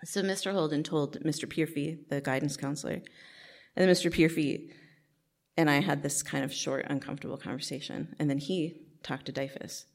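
A woman's voice: sits low, steady tone, normal speed, creaky. A middle-aged woman telling a personal life story to an audience in a candid, casual way, with many fillers. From New Jersey, USA.

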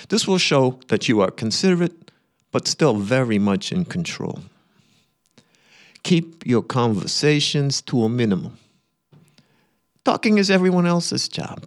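A man voicing a blunt, controlling older uncle, reading out a letter of commands in a brash, loud voice. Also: mid-range voice.

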